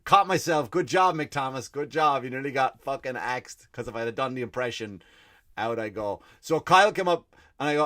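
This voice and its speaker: A man's voice: mid-range voice, normal speed. An Irish man hosting a comedy podcast, telling stories in a swearing, ranting way. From Ireland. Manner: profane, ranting, animated. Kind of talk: comic rant and storytelling.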